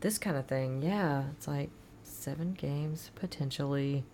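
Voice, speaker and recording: A woman in casual chat who reacts quickly to the others and steers the conversation. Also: low-pitched, mellow.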